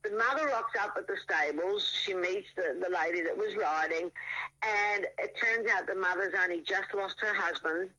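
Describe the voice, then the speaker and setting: A man, a riding coach, telling a story in a casual interview, animated and changing his pace often. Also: high-pitched, moderate pace, lo-fi sound.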